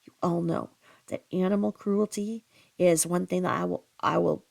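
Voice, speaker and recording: Blunt gravelly woman ranting. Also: lowish voice, normal speed, darkish tone. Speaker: commentary channel host. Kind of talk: angry commentary.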